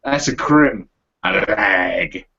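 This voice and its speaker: A man's voice: low voice, animated, drawn-out words, vocal fry, bright, forceful tone, husky, lo-fi sound. A man hosting a podcast, swearing and laughing in crude casual banter about slang. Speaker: podcast host.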